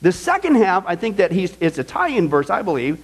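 Male pastor, higher register, emphatic conversational Bible teacher who checks in constantly. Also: wildly swooping pitch, fairly quick, husky. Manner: emphatic, checks in with the audience, frequent "okay?".

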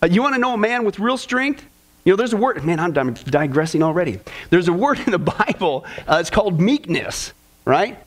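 A man's voice: sits high, very animated, brisk. A man teaching a discipleship class in a casual, folksy way, with sarcastic humor and chuckling asides.

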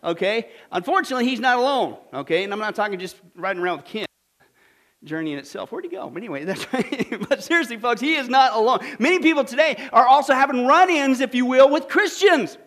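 A man preaching a sermon to a congregation, telling a joke story and then teaching with lively, punchy exclamations. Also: very high voice, quick pace. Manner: animated, jokey, punchy exclamations. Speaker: pastor.

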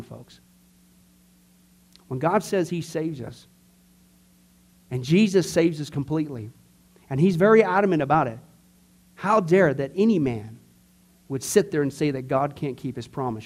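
A man teaching a church discipleship class, earnest and conversational, swinging from emphatic to quiet. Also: fairly high pitch.

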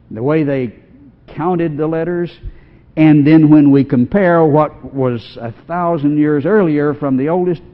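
A man giving a measured, explanatory lecture, played as a clip. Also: on the high side. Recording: tinny phone-like audio in a long-reverb hall.

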